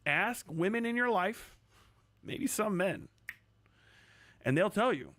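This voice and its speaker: A man's voice: high voice, animated, slow, pauses often, a bit bright, dry recording. A man streaming casual commentary, crude and sarcastic, rambling and swearing often.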